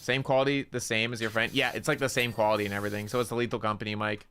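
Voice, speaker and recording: A man's voice: fairly low pitch, level tone, very fast, sharp tone, a little hiss or hum. A man chatting casually on a gaming stream, rambling through funny stories with lots of laughing and swearing. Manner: rambling, laughing storyteller who swears a lot.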